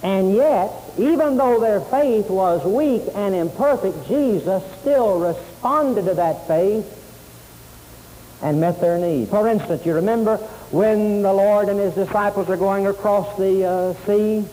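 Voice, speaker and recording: A man's voice: high voice, unhurried, mellow. A man preaching a sermon, emphatic, repeating key phrases and quoting scripture. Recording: hissy tape in a long-reverb hall.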